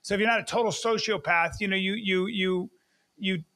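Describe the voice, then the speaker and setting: A man's voice: high voice, fairly even intonation, moderate pace, sharp tone. A middle-aged man hosting a podcast, talking in a casual, emphatic way and often repeating words as he works toward his point. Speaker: podcast host. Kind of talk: casual interview chat.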